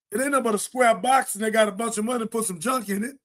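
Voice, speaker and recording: Fiery high-voiced preaching radio host. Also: male voice, very fast, few pauses. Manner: impassioned, preacher-like, shouting at times.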